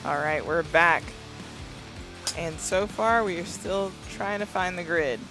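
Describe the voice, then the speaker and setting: A man's voice: high voice, takes it slowly, over music. A man as co-commentator at a long-drive golf event, adding short remarks and quips. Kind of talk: live sports commentary.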